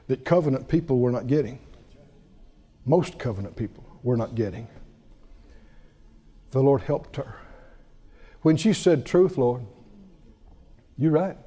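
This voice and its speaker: A man preaching a sermon, telling a story with laughter and acting out what people said. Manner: lively, wide-ranging pitch.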